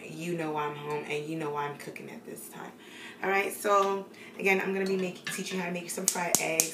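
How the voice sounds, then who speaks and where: A woman's voice: fairly low pitch, recorded from a distance, noisy background. A young woman talking casually through a cooking tutorial in her home kitchen at night, rambling with many fillers. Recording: echoey kitchen, voice away from the mic, clear cooking clatter. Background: pans, dishes and frying sounds.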